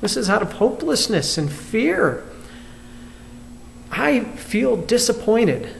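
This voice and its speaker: Male pastor, high voice, reflective video sermon, asks the viewers questions. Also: big pitch swings, takes it slowly, vocal fry, slight background noise. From United States. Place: church.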